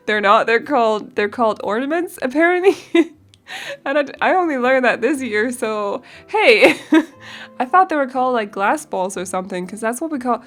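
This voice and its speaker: A woman's voice: a little high, animated, a little slow, fairly bright tone, soft background music. Giggly young woman chatting. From Denmark. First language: Danish. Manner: rambling and giggly, searching for words. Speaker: game builder. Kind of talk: casual voice-over chat.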